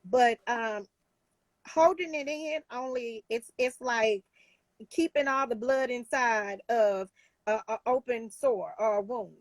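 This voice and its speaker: A woman's voice: fairly high pitch, slow, no echo. A woman life coach talking in a casual talk show, emphatic and heartfelt, with many restarts.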